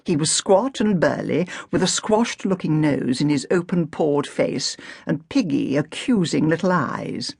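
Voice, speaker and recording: A woman narrating an audiobook in a measured, dry storytelling manner on a close studio mic. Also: low voice, lively intonation, gravelly, a little mellow, slightly rough, dry recording. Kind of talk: scripted narration.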